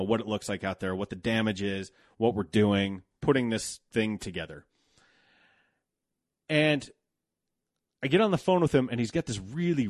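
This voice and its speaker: A man's voice: fairly low pitch, no echo, clean studio sound. A man in his thirties telling a candid personal story about work, blunt and profane, growing heated when indignant.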